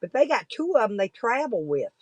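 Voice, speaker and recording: A woman's voice: on the high side, big pitch swings, brisk, darkish tone, dry recording, poor audio. A woman, talking casually and bluntly to viewers in a folksy, rambling way, with some cursing. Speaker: livestreaming vlogger.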